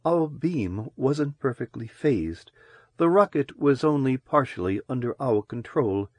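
A man voicing a mature, commanding woman who speaks calmly and in a hushed way in an audiobook reading. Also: medium pitch, a little slow, no echo. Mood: quiet, gentle. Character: mature commanding woman, calm and low-spoken.

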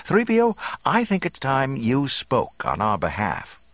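An earnest young hero pressing his point with a trace of impatience, as a man voices him in a storybook reading, lifted well above the reader's deep voice, still gravelly underneath. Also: wildly swooping pitch, a little slow, a bit bright, no room sound, heavily acted. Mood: urgent. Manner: urgent, earnest.

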